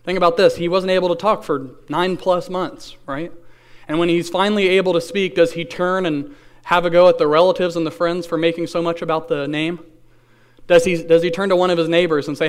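A man delivers a sermon, reading scripture and then explaining it in an earnest, conversational way. His voice is smooth and clear and sits a little high for a man. He asks his listeners questions and slows down to lean on key phrases. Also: fairly even intonation. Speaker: pastor.

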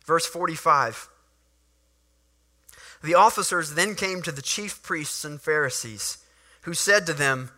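Bright-voiced, animated male preacher. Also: fairly high pitch, unhurried, long pauses. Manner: animated, acts out scenes. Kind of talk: sermon.

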